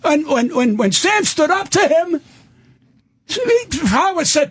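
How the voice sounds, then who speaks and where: An older man, a comedian guest, ranting loudly and profanely on a radio show. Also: very high voice, lively intonation, unhurried, no room sound.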